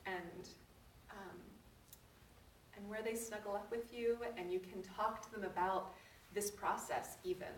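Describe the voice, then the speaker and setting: Leading a live parenting workshop for an audience, a middle-aged woman shares earnest personal stories punctuated by laughs. Her voice sits on the low side, picked up from a distance in an echoey room, with a little hiss or hum.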